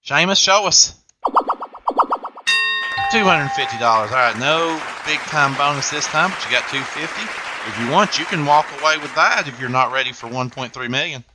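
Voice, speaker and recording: A man's voice: on the high side, animated, normal speed, over music, a crowd in the background. A man hosting a game show, with upbeat, jokey patter.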